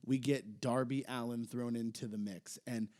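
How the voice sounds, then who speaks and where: A man's voice: mid-range voice, normal speed. Male podcast co-host, casual rambling delivery with hesitations. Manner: rambling, hesitant, gets excited. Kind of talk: casual chat recapping wrestling.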